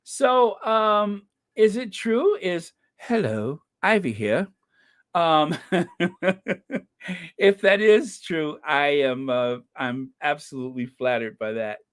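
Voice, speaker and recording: A man's voice: fairly high pitch, expressive, slow pace, a bit bright, smooth. A man hosting a casual live podcast, chatting with viewers, thanking them by name and dropping wry, laughing asides. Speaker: podcast host. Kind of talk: casual commentary on live stream.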